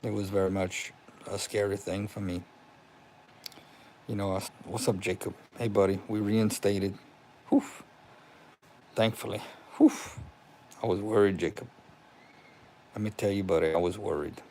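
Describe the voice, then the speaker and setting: A young man talks casually to his livestream viewers from his home, greeting them one by one. His voice sits a little low, with energy that keeps building. A faint background noise hangs under the speech. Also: unhurried, long pauses. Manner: excited, talks to viewers by name, relieved. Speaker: livestream host. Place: home room with TV.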